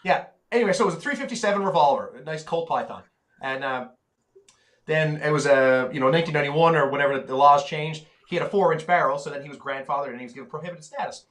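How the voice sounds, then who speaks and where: A man's voice: fairly high pitch, fast talker, fairly bright tone. A man, ranting profanely as a podcast co-host in heated casual talk. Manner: profane, ranting, heavy swearing.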